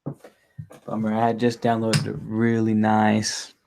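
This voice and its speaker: A man's voice: on the low side, monotone, takes it slowly, creaky, noisy background. A young man hosting a candlelit reading at home, chatting casually and rambling through an intermission, swearing freely. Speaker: reader and host. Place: home with candles and a resin burner.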